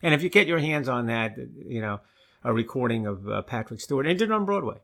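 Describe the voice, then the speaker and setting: A man with a gravelly, creaky voice co-hosts a relaxed talk show. He speaks with plain enthusiasm and sits in a middle pitch for a man. When he reads aloud he slows to a careful, deliberate pace. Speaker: podcast co-host. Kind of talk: casual chat and reading aloud.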